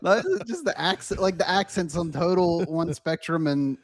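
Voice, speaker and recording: A man co-hosting a casual podcast, chatty and hesitant, often trailing off softly. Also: fairly high pitch, normal speed, no room sound, studio quality. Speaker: podcast co-host. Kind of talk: casual chat.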